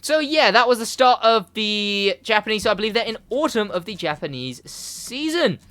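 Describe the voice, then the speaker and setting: A young man co-hosting a casual podcast, rambling and animated, laughing often. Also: high voice, normal speed. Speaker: podcast co-host, gaming segment host.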